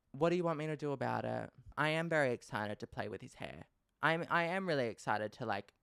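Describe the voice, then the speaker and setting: Aussie guy rambling on his podcast, middle pitch, super dramatic and sweary, smooth clean voice. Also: no room sound, clean studio sound. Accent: Australian. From Australia. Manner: animated, swearing, playfully dramatic. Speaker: podcast host. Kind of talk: casual solo podcast chat.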